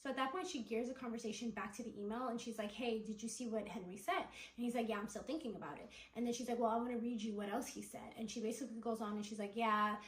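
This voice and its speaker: Woman, storytime commentator, higher voice, chatty retelling, echoey room. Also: fairly even intonation, quick pace, hardly any pauses. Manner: chatty, quotes people in dialogue, many "like" and "da, da, da".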